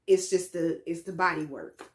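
A woman's voice: fairly low pitch, moderate pace. Candid woman telling a story. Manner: candid, frank, swears freely, laughs between lines. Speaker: vlogger. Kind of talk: casual storytime vlog. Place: home room with lights.

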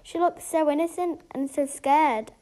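A woman voicing a calm doctor in a game role-play story, talking in a matter-of-fact, gently advising way. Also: high-pitched, unhurried. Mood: concerned. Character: calm doctor breaking bad news.

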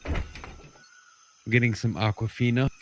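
A man's voice: mid-range voice, flat delivery, takes it slowly, a little mellow, soft background music. A man streaming a game, chatting casually with a teammate and laughing easily. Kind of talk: casual gaming chat.

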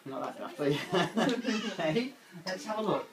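A woman's voice: medium pitch, animated, measured pace, a crowd in the background, background noise. A woman coaxing a small child through a photo shoot in playful, sing-song baby talk. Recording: echoey room, mic far off.

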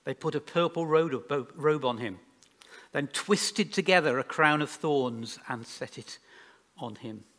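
A man preaching a sermon in a church, reading scripture aloud in a measured way with pauses. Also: fairly high pitch, fairly bright tone. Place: church hall. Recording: long church hall reverb.

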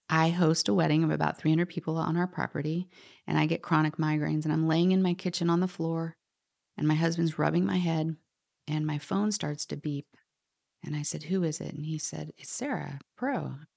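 A middle-aged woman telling a personal story as a podcast guest, animated, quoting others and sometimes dropping to a whisper. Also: low voice, moderate pace, creaky. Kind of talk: storytelling in conversation.

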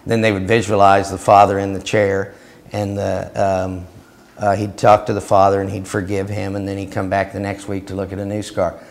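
A man teaching a Christian seminar and telling a story, growing loud and animated as he acts out what he said. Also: low-pitched, moderate pace. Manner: storytelling, growing loud and animated when acting out his reply. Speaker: preacher.

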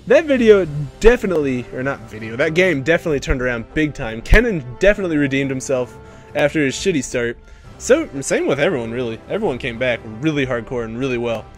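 A young man giving live commentary over his own gameplay, excitable and swearing, breaking into loud bursts. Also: mid-range voice, fairly quick, faint music behind. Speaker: gaming commentator.

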